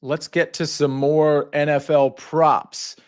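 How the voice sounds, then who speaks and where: A man hosting a sports betting show, moving along with brisk segues and promo reads. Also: a little high, level tone, clear, resonant tone. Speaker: host.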